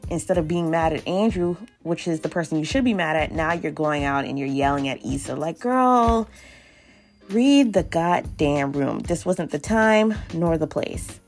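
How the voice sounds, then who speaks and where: A woman hosting a podcast, recapping and ranting about a TV episode in a casual, blunt, exasperated way, swearing often. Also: deep voice. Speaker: podcast host reviewing a TV episode. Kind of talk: casual, profane recap and rant.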